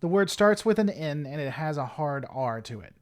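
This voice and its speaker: A man's voice: fairly high pitch, expressive, moderate pace. A man hosting a livestream, chatting casually and reading viewers' messages aloud, with a rambling manner and a desk microphone. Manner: rambling, reads chat aloud and answers it. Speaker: livestream host.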